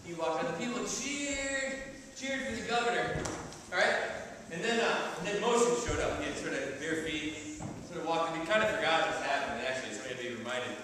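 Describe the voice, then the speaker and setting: A man tells a folktale to a live audience with playful energy, and his voice is high for a man. He sounds distant in a big, reverberant hall. Steady noise sits under the whole recording. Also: brisk. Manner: animated, playful, checks in with audience. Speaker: storyteller. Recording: echoey hall, mic far off, background noise.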